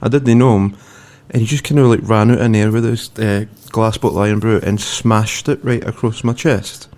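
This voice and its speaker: Low-voiced laid-back British man. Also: steady tone, normal speed, a little mellow. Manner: laid-back, swears, laughs through his own anecdote. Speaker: podcast co-host. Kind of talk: casual chat.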